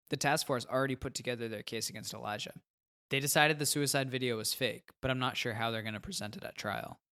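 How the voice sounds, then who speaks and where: A man narrating a first-person novel in a plain, conversational manner. His voice sits at a middling pitch and stays even. An audiobook reading. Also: fast, clean tone.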